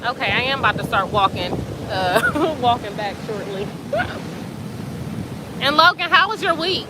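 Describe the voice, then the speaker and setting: A woman hosting a casual live stream outdoors by the sea at night, chatting and reading comments in an excitable, slangy way. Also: fairly high pitch, measured pace. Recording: outdoor phone audio with surf and wind noise. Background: waves and wind.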